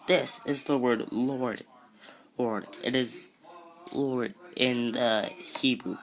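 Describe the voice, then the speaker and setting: Slow-talking man teaching letters casually. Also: mid-range voice, fairly even intonation. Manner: unhurried, self-correcting, with jokey asides. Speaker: amateur teacher. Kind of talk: casual informal lesson.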